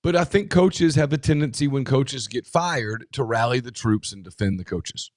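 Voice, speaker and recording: A man co-hosting a casual sports talk show, talking in an emphatic way with quick asides and restarts. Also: medium pitch, dry recording, clean studio sound. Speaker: podcast co-host.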